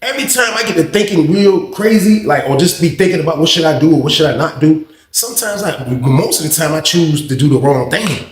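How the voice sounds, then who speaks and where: A man with a fairly high voice tells a story to his viewers, animated and profane, slipping into the lines of the people in it. The recording has a roomy echo around him. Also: brisk. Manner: animated, profane, acts out dialogue. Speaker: vlogger. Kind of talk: storytime vlog.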